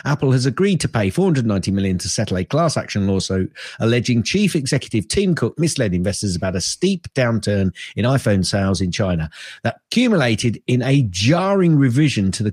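A man's voice: on the low side, darkish tone, husky, no echo, clean studio sound. A man co-hosting a podcast, reading tech news in a rambling, chatty way that often trails off. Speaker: podcast co-host.

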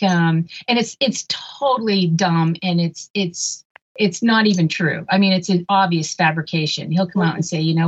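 A woman's voice: lowish voice, normal speed, lo-fi sound. An older American woman chatting casually, telling stories with many restarts and asides. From United States. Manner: chatty, animated storyteller with frequent restarts. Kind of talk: casual chat.

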